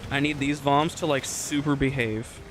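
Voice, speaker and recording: A man's voice: mid-range voice, steady tone, normal speed, noisy background. Angry young man swearing over a game. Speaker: gamer streamer. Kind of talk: casual gameplay rant.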